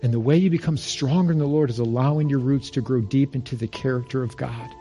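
A male pastor preaching a sermon, telling stories with emphasis and going quiet on key phrases. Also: mid-range voice, quick pace, faint music behind. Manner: storytelling, quotes others in lively voices.

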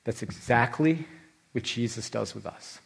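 A middle-aged man preaching a sermon as pastor, animated, with his voice leaping high for emphasis and slowing right down on key words. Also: vocal fry, breathy edge. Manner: animated, voice leaps high for emphasis, drawn-out slow stresses.

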